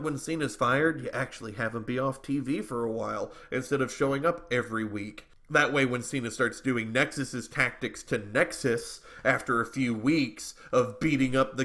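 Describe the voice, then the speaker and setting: A male podcast co-host talks in loose, opinionated chat, circling back and restarting his thoughts as he goes. His voice is bright and a little tense. It sits at an ordinary middle pitch. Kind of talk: casual wrestling commentary chat.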